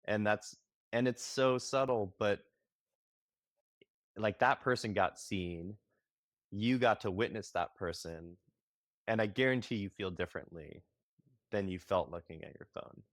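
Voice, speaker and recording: A man's voice: lowish voice, unhurried, pauses often, no echo. Reflective man, dry close sound. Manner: reflective, searching, many "like" restarts. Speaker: guest, marriage and family therapist. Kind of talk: casual podcast conversation.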